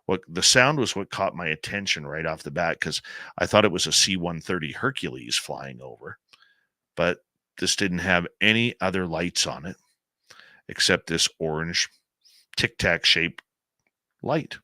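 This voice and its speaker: A man's voice: sits low, animated, unhurried, pushed and bright, no echo. A Canadian man hosting a late-night radio talk show, chatty and enthusiastic, rambling as he tells stories and answers audience questions.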